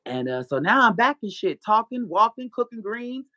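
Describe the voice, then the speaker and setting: A woman's voice: fairly high pitch, sing-song, moderate pace, sharp tone, dry recording. A woman guest telling her story in a blunt, profane way, mixing in spiritual preaching and frequent laughter. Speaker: guest author. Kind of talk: candid personal storytelling.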